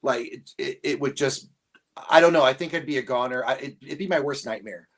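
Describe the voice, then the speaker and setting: A man's voice: medium pitch, fairly quick, a bit bright. A man as a guest in a casual live-stream chat, rambling and self-deprecating and often trailing off mid-thought.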